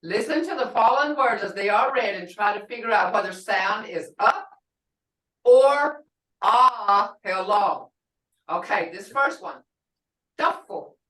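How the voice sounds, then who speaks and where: A woman's voice: mid-range voice, moderate pace, pushed and bright. A woman teaching a language class, drilling words aloud and asking students whether each sound is short or long. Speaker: language instructor. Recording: roomy classroom audio from far off.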